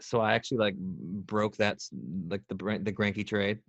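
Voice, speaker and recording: A man's voice: on the low side, level tone, moderate pace, no room sound, muffled recording. A man as a podcast guest in casual chat, joking and rambling with lots of restarts.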